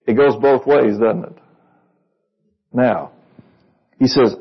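A man's voice: medium pitch, slow, long pauses, breathy edge, dull audio. A man preaching a sermon to a congregation in a conversational way, reading verses and asking them questions. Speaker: pastor.

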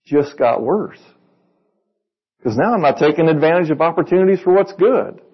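A male pastor with a slightly high, husky voice, preaching in a conversational way. He reads verses aloud and puts questions to the congregation. The sound is dull and lo-fi, as if recorded in a church. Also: lively intonation, moderate pace. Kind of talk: sermon.

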